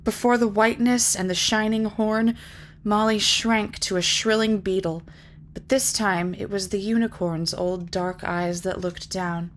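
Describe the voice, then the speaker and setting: A woman narrates a fantasy novel aloud in a measured, lyrical way. Her voice sits at a mid pitch. A faint hiss of noise runs under it. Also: steady tone. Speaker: reader. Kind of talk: audiobook narration.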